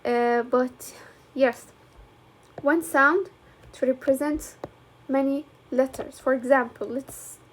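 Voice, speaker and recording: A young woman with a high voice and a Levantine Arabic accent gives an English lesson. She speaks slowly and deliberately, with frequent fillers as she explains. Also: fairly even intonation, slight background noise. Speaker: English teacher. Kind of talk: classroom lecture.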